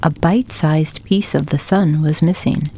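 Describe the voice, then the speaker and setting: A woman reading a children's storybook aloud for bedtime, soft and gentle. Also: low voice, moderate pace, vocal fry, a little hiss or hum. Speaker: narrator.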